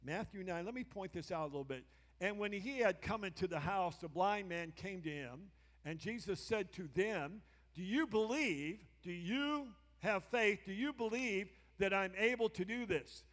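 A man with a strikingly high voice preaches a sermon to his congregation. He repeats key lines for emphasis and keeps calling on listeners to turn and respond. The sound carries a long hall reverb from the church sanctuary. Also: moderate pace, fairly bright tone. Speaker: pastor.

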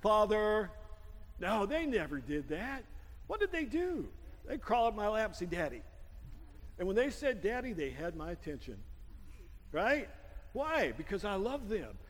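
A man's voice: sits high, long reverb tail. An older man, a pastor, preaching a sermon in a loose, joking, conversational way, with frequent amens. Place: church sanctuary.

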